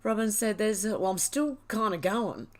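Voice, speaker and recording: A woman's voice: mid-range voice, normal speed. Tearful woman reading live comments. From Australia. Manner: emotional, tearful, reads viewer comments aloud. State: crying. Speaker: livestream host. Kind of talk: casual live chat, reading comments aloud.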